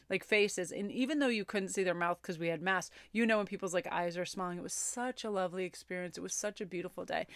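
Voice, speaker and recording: A woman's voice: mid-range voice, fairly bright tone, no room sound, clean studio sound. A woman tarot reader chatting in a personal vlog, bubbly and gushing, with lots of fillers.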